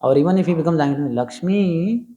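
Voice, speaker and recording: Indian-accented middle-aged man, fairly high voice, joking scripture lecturer who explains patiently and switches into Hindi asides. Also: expressive, fairly quick, mellow. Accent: Indian English. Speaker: scripture class speaker.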